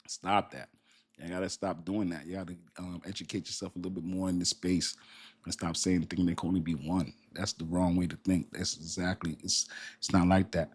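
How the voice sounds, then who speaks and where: A young man hosting a casual crypto livestream, reading viewer comments aloud in a lively, colloquial way and laughing often. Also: low voice, normal speed, slightly rough.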